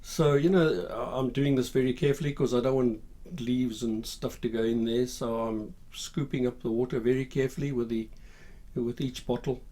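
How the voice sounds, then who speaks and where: A man, retelling a war memory in a halting, low-key way and often repeating his words. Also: steady tone, mellow. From Zimbabwe. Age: 60s. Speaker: war veteran storyteller. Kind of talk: spoken war memoir.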